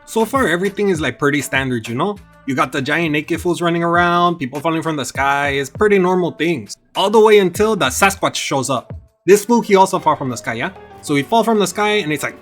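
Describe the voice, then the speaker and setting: A man's voice: on the high side, a little fast, a bit bright, soft background music. Slangy man recapping anime. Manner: Chicano slang with Spanish words, playful put-on voices. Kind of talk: comedic episode recap.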